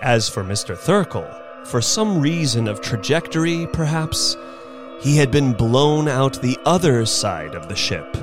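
A man performing a dramatic story reading as the storyteller, expressive and unhurried. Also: medium pitch, music in the background.

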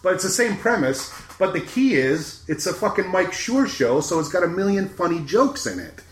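A middle-aged man co-hosting a podcast, previewing new TV shows in a profane, wry and animated way. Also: high-pitched, normal speed, reverberant, slight background noise. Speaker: podcast co-host. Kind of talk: casual chat, TV season preview.

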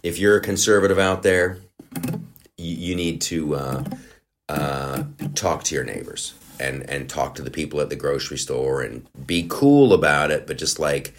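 A man's voice: sits low, moderate pace. A man hosting a podcast, delivering a profane, sarcastic comedic rant. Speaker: podcast host.

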